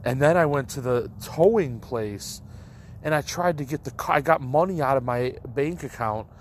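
A man's voice: medium pitch, lively intonation, normal speed, slight background noise. A young man telling a personal story in a casual, rambling way, full of likes and restarts. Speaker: storyteller addressing listeners.

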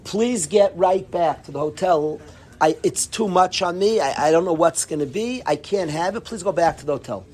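A man's voice: fairly high pitch, lively intonation, normal speed, darkish tone, breathy edge. A man voicing a very tall, serious older male rabbi who is tired and overwhelmed. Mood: weary pleading. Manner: pleading, then erupting in anger.

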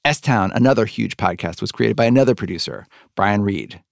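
A man's voice: fairly low pitch, moderate pace, vocal fry, dry recording, studio quality. A middle-aged man hosting a podcast interview, rambling with many likes and restarts. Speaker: podcast host. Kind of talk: conversational interview.

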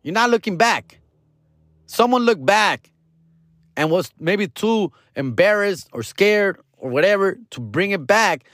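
Brief: male host, higher pitch, dry close sound, excited profane storyteller. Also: measured pace, no echo. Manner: profane, slangy, code-switching into Spanish; rambling, excited retelling. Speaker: podcast host. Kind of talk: casual storytelling.

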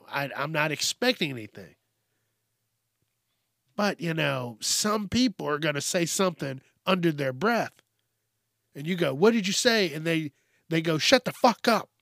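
A man talks through a solo podcast in a slow, drawn-out delivery, his voice sitting a little high for a man. He rants bluntly and swears freely, in a dry, close recording with no room sound. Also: fairly bright tone, dry recording. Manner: profane, ranting, blunt and conversational. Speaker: podcast host. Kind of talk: casual solo podcast monologue.

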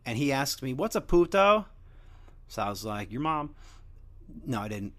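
A man's voice: lowish voice, normal speed. A young man hosting a show, rambling through a crude, joking casual monologue. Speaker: podcast host.

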